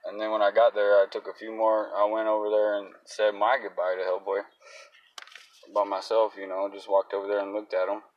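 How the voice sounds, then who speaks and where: A man's voice: fairly low pitch, monotone, a little fast, distant mic, muffled recording. A man in a casual, agitated rant, talking bluntly and swearing often. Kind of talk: casual profane rant to camera.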